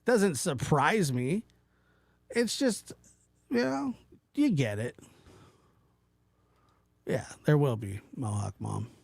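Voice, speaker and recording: A man hosting a casual livestream, talking to his chat in a rambling, animated way, often stopping and restarting. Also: fairly high pitch, takes it slowly, vocal fry, long pauses, dry recording. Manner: animated, rambling, self-interrupting, mimics voices in quotes. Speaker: livestream host reading chat.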